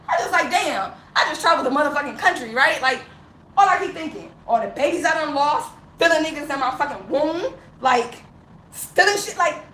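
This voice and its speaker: A woman's voice: high voice, fairly bright tone, a little hiss or hum. A woman ranting with emotion to camera, heavily profane and impassioned, laughing bitterly and near tears, recorded with a roomy echo. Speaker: vlogger. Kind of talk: unscripted emotional rant to camera. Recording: roomy echo with faint ambience.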